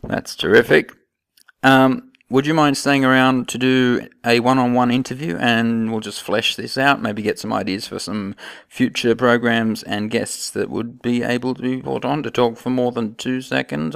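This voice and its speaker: A man's voice: medium pitch, normal speed, vocal fry, a bit bright, no echo, clean studio sound. A man hosting a comedic panel chat, casual and hesitant. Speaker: host.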